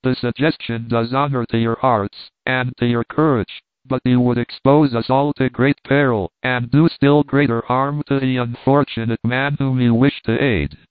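A man voicing a calm, authoritative doctor who leads an expedition and reasons deliberately. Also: medium pitch, clean tone, no echo, natural voice. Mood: measured. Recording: tinny phone-like dry sound.

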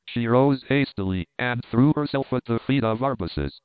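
A man narrating a classic novel as an audiobook in a measured, formal reading. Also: mid-range voice, clean tone, no room sound. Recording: phone-like lo-fi audio.

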